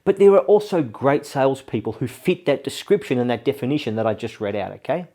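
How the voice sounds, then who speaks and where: A man's voice: medium pitch, lively intonation, a little fast, dark tone. A man hosting a business advice show, talking energetically and persuasively, often ending points with "okay?". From Australia. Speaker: host.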